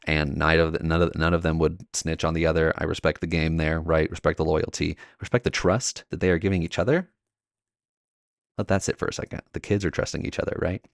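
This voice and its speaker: A man's voice: very deep voice, fairly even intonation, a little fast, vocal fry, no echo, clean studio sound. A young man, a teacher hosting his podcast, telling a classroom story in a chatty way with lots of fillers and acted-out quotes. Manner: chatty, many "like" fillers, acts out quoted voices. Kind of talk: casual storytelling monologue.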